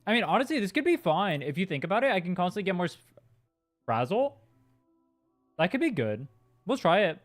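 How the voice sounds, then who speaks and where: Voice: mid-range voice, big pitch swings, brisk, long pauses, faint music behind. A young adult game streamer from California, chatting casually with chat while playing and swearing freely.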